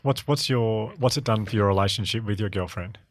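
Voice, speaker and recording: A man hosting a podcast, asking quick questions with frequent restarts. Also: on the low side, no room sound, studio quality. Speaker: podcast host. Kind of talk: interview questions.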